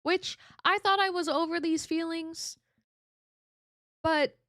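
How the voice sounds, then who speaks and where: A woman's voice: very high voice, steady tone, takes it slowly, bright, forceful tone, no echo, studio quality. A woman streamer chatting casually with her viewers, candid and emotional, swearing freely and mocking herself. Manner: reads and answers viewer chat. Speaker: VTuber streamer. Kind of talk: casual live-stream chat.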